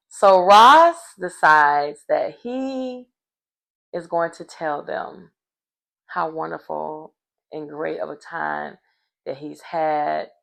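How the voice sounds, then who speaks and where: A woman recapping a reality show episode in casual chat, animated and acting out what people said. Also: fairly low pitch, vocal fry, low-quality recording. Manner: animated storyteller acting out quotes.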